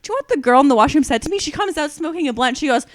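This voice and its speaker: A woman's voice: high voice, racing, dry recording. A young woman co-hosting a podcast, telling a wild story in casual chat, swearing and laughing as she goes. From Canada. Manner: animated, swearing, laughing through her story. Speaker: podcast co-host.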